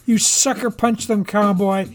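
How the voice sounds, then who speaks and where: A reader voicing a chorus of eager male staffers flattering their boss. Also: medium pitch, a little slow, lightly acted. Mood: fawning.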